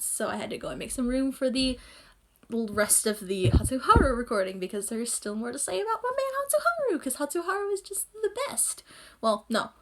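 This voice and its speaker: A woman's voice: on the high side, a bit bright. Gushing, rambling woman vlogger. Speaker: anime reaction vlogger. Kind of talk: casual chat. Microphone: phone.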